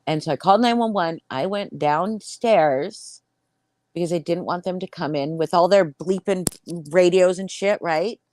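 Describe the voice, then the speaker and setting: A woman, around her thirties, telling a story in casual chat, profane and animated. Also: on the low side, moderate pace, dry recording. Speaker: podcast host.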